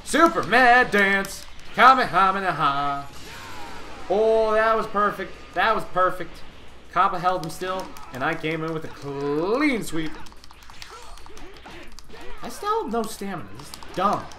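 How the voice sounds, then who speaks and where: A young man hosting a gaming channel, giving excitable live commentary on his gameplay and yelling taunts at the enemies. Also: high-pitched, measured pace, pauses often, soft background music.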